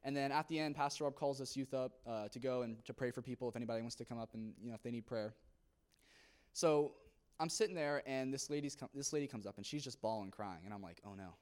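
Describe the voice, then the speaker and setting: A man's voice: medium pitch, fast talker, darkish tone. A young man from a church youth group giving an earnest testimony to a congregation, telling his story with many fillers.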